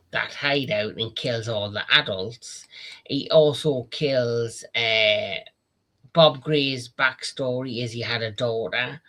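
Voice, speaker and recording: Bright, forceful man host; retells scenes eagerly, stumbles and restarts, swears casually. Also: mid-range voice. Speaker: TV review show host. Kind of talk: casual review chat.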